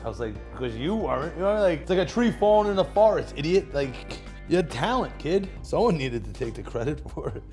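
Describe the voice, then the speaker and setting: A man's voice: on the high side, big pitch swings, a little fast, hardly any pauses, darkish tone, soft background music. A man, telling crude, rambling stories as he hosts a comedic cooking show, laughing at his own jokes.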